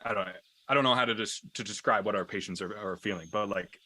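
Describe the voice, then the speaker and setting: A man's voice: fairly low pitch, fast, sharp tone. A man teaching an EMT class over a video call, talking casually with many fillers and restarts as he mixes lecture and stories. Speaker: EMT instructor. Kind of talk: lecture with anecdotes.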